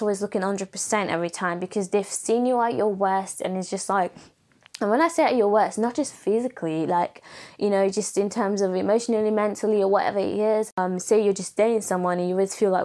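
A young woman hosting a casual solo podcast, chatting with an American-leaning accent and laughing often. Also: a little mellow. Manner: chatty, laughs often, acts out quoted people in higher voices. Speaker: podcast host.

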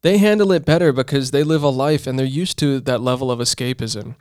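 A man's voice: mid-range voice, fairly quick, darkish tone, clean tone, no room sound, studio quality. A man co-hosting a podcast in casual chat, with blunt and wry comments. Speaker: podcast co-host.

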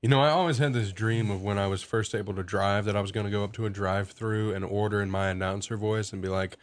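A man's voice: lowish voice, steady tone, quick pace, hardly any pauses. An eighteen-year-old man from Alabama, a podcast guest telling stories casually, self-mocking and rambling. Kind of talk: casual storytelling.

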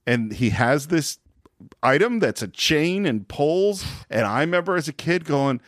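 A man's voice: a little high, expressive, a little slow, no echo, studio quality. A man hosting a podcast in casual chat, telling the story enthusiastically. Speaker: podcast host.

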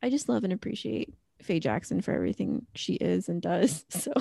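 A woman's voice: lowish voice, lively intonation, normal speed, gravelly, mellow, no echo, clean studio sound. A middle-aged woman co-hosting a podcast, chatting casually and rambling with lots of fillers. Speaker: podcast co-host. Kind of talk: casual chat.

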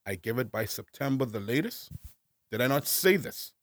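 A man co-hosting a casual podcast chat, animated and full of slang, ranting hard. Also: medium pitch, normal speed, dry recording. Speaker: podcast co-host.

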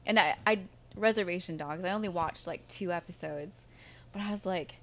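A young woman with a Southern Oklahoma accent, chatting casually and telling animated stories with frequent laughter. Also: lowish voice, normal speed. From Michigan. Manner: laughs often, animated storytelling. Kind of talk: casual chat.

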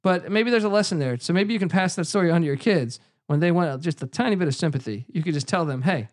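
A man's voice: a little high, fast, darkish tone. A man hosting a casual podcast, telling stories in a rambling, profane way with lots of fillers. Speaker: podcast host. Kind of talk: casual chat.

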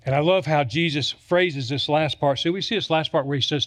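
Male pastor, drawl, slightly high voice, emphatic storytelling sermon. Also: fairly quick, few pauses. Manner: storytelling with humor, emphatic repetition.

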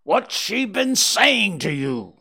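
A man voicing a furious, menacing old doctor who snarls threats in a slow, loud voice. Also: mid-range voice, very animated, exaggerated voice. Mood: angry. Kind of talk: dramatic audiobook reading.

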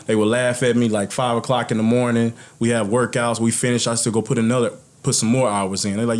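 A man's voice: mid-range voice, fast, hardly any pauses. A man who played pro football tells his own life story in casual chat and acts out what others said. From United States. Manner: animated storyteller, acts out quotes. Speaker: guest, former NFL player.

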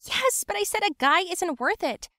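A woman voicing a blunt young female friend who scolds in a raised, high voice. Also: lively intonation, normal speed, bright, forceful tone, no room sound, studio quality, full character voice. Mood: scolding.

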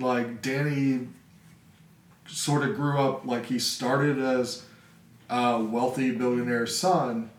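A man's voice: medium pitch, roomy sound, distant mic. A man co-hosting a podcast, rambling casually with many fillers about a series. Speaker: podcast co-host. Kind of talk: casual review chat.

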